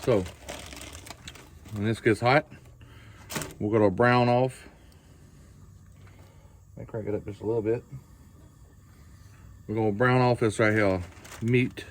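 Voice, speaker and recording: A middle-aged Southern US man with a lowish voice, talking in a relaxed, folksy way as he cooks outdoors. The recording picks up clear outdoor ambience and the sizzle of a frying pan from a camera set nearby. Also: slow pace, long pauses, slight background noise. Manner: folksy, chatty, talks while cooking. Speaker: outdoor vlogger. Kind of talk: casual cooking chat to camera. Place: winter campsite outdoors. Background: outdoor ambience and frying food.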